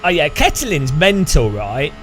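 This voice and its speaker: The UK streamer talks casually while sim racing, his rambling jokes often dissolving into laughter. He speaks unhurriedly in a fairly high, fairly bright voice with big swings in pitch.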